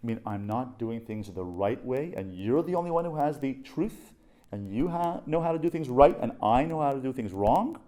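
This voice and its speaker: A man voicing his middle-aged wife as easily offended, asking hurt, hushed questions. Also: medium pitch, animated, normal speed, lightly acted. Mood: indignant.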